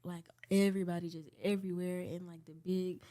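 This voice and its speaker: A woman's voice: on the low side, little pitch movement, brisk, crowd noise. Laid-back Southern woman co-host. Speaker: podcast co-host. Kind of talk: casual podcast chat.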